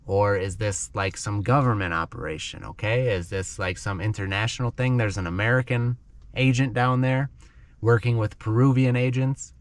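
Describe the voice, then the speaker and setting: Guy with a lowish voice telling a creepy jungle story slowly for english learners, keeps saying okay?. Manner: dramatic storyteller who keeps checking in with "okay?". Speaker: English teacher. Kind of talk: storytelling lesson in simple English.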